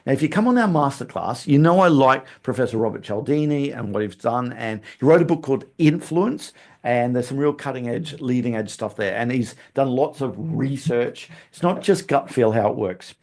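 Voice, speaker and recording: A man's voice: mid-range voice, animated, normal speed, gravelly, darkish tone. A man hosting a podcast, talking through a recap in a chatty coaching manner and tagging "okay?" onto his points. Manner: laughs at his own stumbles. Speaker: podcast host.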